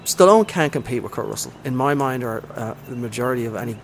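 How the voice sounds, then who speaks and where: A man's voice: mid-range voice, expressive, quick pace, vocal fry, slight background noise. A man hosting a casual movie chat, enthusiastic and rambling with lots of fillers.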